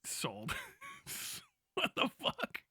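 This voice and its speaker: A young man rants to his live chat, swearing freely and breaking into laughter as he leaps between topics. His voice sits a little high and rings bright and forceful. The sound is dry and close, with no room echo. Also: moderate pace. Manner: profane, excitable, laughs often, jumps from topic to topic. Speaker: livestreamer. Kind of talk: casual rant to a live chat.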